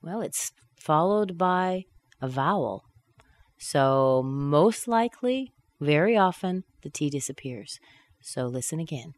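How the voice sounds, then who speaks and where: A woman teaching English pronunciation, modelling phrases slowly with exaggerated, sing-song intonation. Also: deep voice, lively intonation. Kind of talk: slow, clear teaching of intonation.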